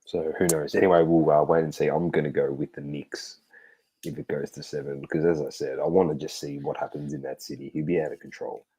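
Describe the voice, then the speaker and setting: A man's voice: very deep voice, level tone, a little fast, warm tone, breathy edge, low-quality recording. An Australian man co-hosting a sports podcast, telling stories in a loose, sweary, laughing way. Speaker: podcast co-host. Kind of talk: casual sports podcast chat.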